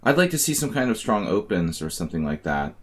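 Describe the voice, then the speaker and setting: A man's voice: deep voice, very animated, fast talker. A man streaming live chess games and talking through his moves with wry, rambling, grumbling asides. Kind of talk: live-stream commentary while playing.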